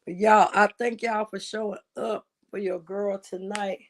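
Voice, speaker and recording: A woman hosting a casual gossip livestream, animated and laughing often, with drawling asides to her viewers. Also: medium pitch, measured pace. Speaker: livestream host.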